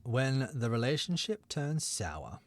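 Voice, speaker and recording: A man's voice: medium pitch, very animated, takes it slowly, dry recording. Male podcast host, casual banter, reads quiz clues with playful energy, dry close sound.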